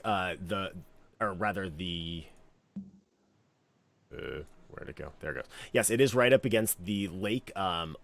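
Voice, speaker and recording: A man narrating as game master of a tabletop game, relaxed and meandering, with many fillers. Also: fairly low pitch.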